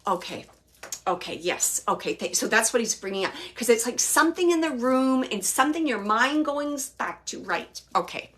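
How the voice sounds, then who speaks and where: A woman giving a live spirit reading as a medium, speaking gently and hesitantly with many pauses, earnestly relaying messages. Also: fairly high pitch, expressive. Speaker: psychic medium.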